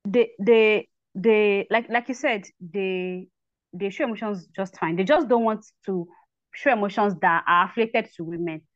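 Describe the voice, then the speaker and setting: A woman's voice: medium pitch, dry recording, lo-fi sound. A woman guest in a casual podcast chat, starting sentences over and over before telling her stories. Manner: halting starts, many fillers and restarts, lively when telling stories.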